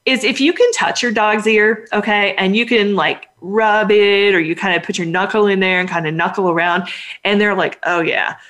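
A woman's voice: medium pitch, steady tone, moderate pace, a bit bright. A woman veterinarian in a casual podcast chat, talking at length and with emphasis while giving advice to pet owners.

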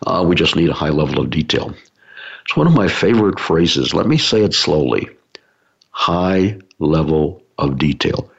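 A man's voice: low voice, sing-song, a little fast, creaky, a bit bright, husky. A man giving an explanatory talk to a business audience, using everyday analogies with frequent fillers. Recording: dull lo-fi recording.

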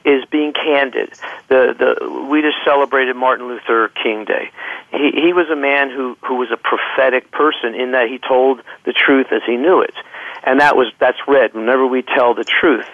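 A man who is a clinical psychologist guest, speaking haltingly over the phone with many restarts. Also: mid-range voice, dry recording. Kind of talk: interview conversation. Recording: tinny phone line.

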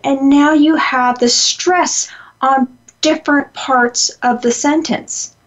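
A woman's voice: high-pitched, a little mellow, highs cut off. A woman giving a conversational lesson on communication, repeating her key points with frequent ums. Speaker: communication trainer. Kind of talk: lecture-style presentation.

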